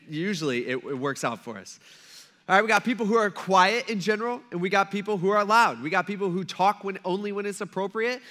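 Lively bright-voiced male pastor. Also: high voice. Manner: casual storytelling, acts out quoted voices. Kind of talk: conversational sermon.

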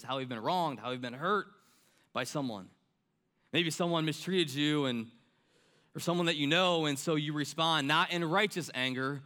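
Bright-voiced man preaching a sermon. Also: on the high side. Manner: earnest preaching, repeats key lines, many fillers like "right?" and "I mean". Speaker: pastor.

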